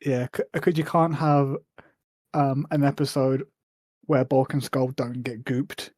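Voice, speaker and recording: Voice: medium pitch, little pitch movement, measured pace, darkish tone, no echo. A podcast co-host recapping episodes casually, often hesitating with ums and dry asides. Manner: hesitant, lots of ums, wry.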